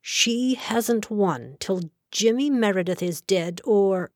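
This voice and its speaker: A woman's voice: medium pitch, animated, slow, dry recording. A woman voicing a brusque young male lawyer who speaks rudely and sardonically, in an audiobook. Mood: blunt. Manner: blunt, sardonic.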